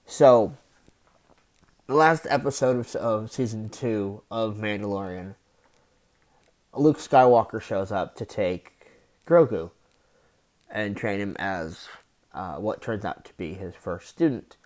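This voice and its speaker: A man hosting his own podcast in a solo rant, his voice sitting low and his words dragging out slowly. He sounds fed up, with heavy sighs, swearing and stop-start phrasing between sudden louder bursts. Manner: low, deliberately slow annoyed voice with sighs and profanity; halting restarts between outbursts. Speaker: podcast host.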